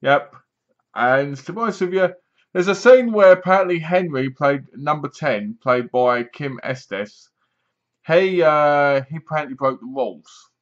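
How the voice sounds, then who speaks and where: A man's voice: on the high side, expressive, unhurried. Sarcastic rambling man. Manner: rambling, sarcastic, with frequent restarts. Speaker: film reviewer. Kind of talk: casual spoken film review. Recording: dull lo-fi home recording.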